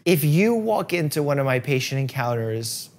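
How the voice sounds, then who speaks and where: A man's voice: mid-range voice, very animated, normal speed. A man hosting a casual interview as a doctor, asking probing questions and reasoning through hypothetical examples. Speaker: doctor and host.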